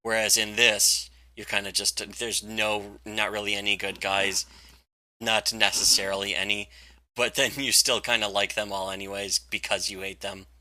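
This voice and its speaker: A man with a bright, forceful voice and a lowish pitch talks through a comic in loose, rambling chat. He laughs often and swears freely. The sound is dry and close. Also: flat delivery, moderate pace, no echo. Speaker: comics review host. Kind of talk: casual profane chat.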